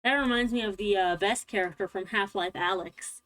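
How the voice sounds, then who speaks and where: A woman's voice: medium pitch, moderate pace, fairly bright tone. A woman chatting casually with her tabletop group, joking, swearing and laughing at her own bad luck. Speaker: tabletop game player. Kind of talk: casual chat between players.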